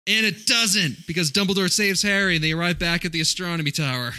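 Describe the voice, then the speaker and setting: Bright-voiced man recapping, laughing. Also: fairly high pitch. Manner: laughing, recaps plot in quick bursts. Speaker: podcast co-host recapping the story. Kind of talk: casual podcast chat.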